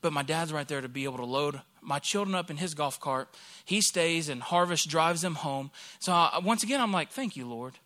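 A man in his thirties, a pastor from Alabama, preaching a sermon through a lively personal story and acting out the people he quotes. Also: fairly high pitch, moderate pace, hardly any pauses.

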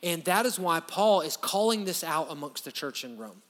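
A man preaching a sermon as pastor, animated and conversational, full of asides. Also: fairly high pitch, normal speed, long reverb tail.

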